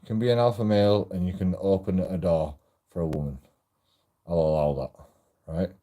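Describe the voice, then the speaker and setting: Male vlogger, low deep voice, very mellow and dark, rambling, profane, talks while walking outdoors. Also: steady tone, normal speed. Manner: rambling, profane, self-interrupting. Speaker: auditor vlogger. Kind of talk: rambling casual monologue.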